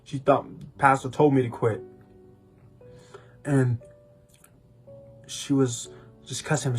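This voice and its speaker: A man's voice: medium pitch, flat delivery, takes it slowly, long pauses, husky, faint music behind. A young man co-hosting a podcast, telling his personal testimony in a rambling, casual way with many restarts. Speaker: podcast co-host.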